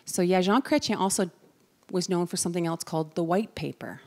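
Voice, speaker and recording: A woman in her forties from Canada, giving a lively storytelling talk to a live audience and acting out the voices of the people in her stories. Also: on the low side, a little fast, dry recording. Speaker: keynote speaker. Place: large event hall before a live audience.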